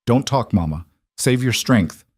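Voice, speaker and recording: A man voicing an eight-year-old girl who talks in a flat, eerily calm voice. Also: medium pitch, a little slow, breathy edge, no echo, studio quality. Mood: pleading. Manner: flat, quiet voice.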